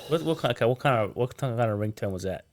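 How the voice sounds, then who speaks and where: A man's voice: mid-range voice, lively intonation, quick pace, soft background music. Casual male podcast host asking questions. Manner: prompting questions with stammered restarts. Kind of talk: casual interview.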